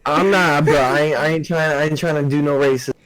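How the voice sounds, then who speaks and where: A young man co-hosting a podcast, telling stories in relaxed, slangy casual chat with swearing. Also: fairly high pitch, brisk, low-quality recording. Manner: laid-back storyteller, slangy, swears. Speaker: podcast co-host.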